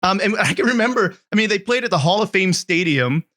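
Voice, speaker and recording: A middle-aged man from Ohio hosting a podcast interview, telling stories in a lively, chatty way. His voice sits a little high and sounds bright and forceful. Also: fairly quick. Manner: animated, chatty storyteller. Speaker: podcast host. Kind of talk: casual interview chat.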